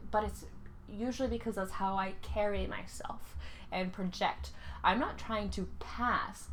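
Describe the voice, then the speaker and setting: Halting, pausing woman reacting on camera. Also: medium pitch, fairly bright tone, slight background noise. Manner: pausing often, searching for words. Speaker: reaction video host. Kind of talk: casual reaction commentary.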